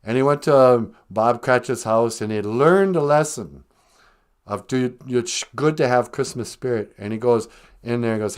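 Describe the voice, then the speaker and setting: A man's voice: mid-range voice, normal speed, clear, resonant tone. A man hosting a live stream, retelling a story casually, rambling and joking. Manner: rambling, joking, laughs at own jokes.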